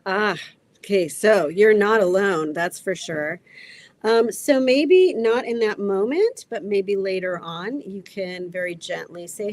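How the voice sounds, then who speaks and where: A woman therapist talking gently and thoughtfully in a casual podcast conversation, with frequent pauses and fillers. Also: mid-range voice. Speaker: therapist guest.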